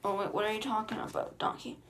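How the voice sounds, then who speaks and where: Woman reading as grumpy male ogre; plain, flat script read, mid pitch. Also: quick pace, background noise, close to an everyday voice. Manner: flat read-aloud delivery with slips. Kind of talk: reading a film script aloud.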